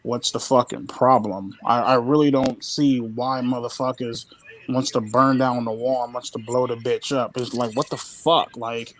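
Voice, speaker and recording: A man's voice: mid-range voice, fairly even intonation, normal speed, fairly bright tone. A man from the United States talking on a live stream from someone else's home, swearing heavily and using loose slang. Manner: profane and slangy, heavy swearing, calls people "dude" and "dog". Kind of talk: casual chat on a live stream.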